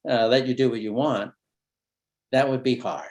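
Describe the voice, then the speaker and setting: Speaking at a medium pitch, a man who works as a family therapist tells stories in a relaxed way during a parenting training. He acts out brief dialogues and uses pauses to create suspense.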